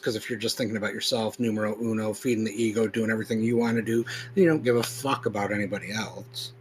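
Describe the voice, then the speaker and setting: A man hosting a podcast, reading a text aloud slowly and with weighty emphasis, then explaining it in loose, casual talk. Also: lowish voice, a little hiss or hum, poor audio. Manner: slow, emphatic recitation when reading; loose, conversational, with fillers when explaining. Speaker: podcast host.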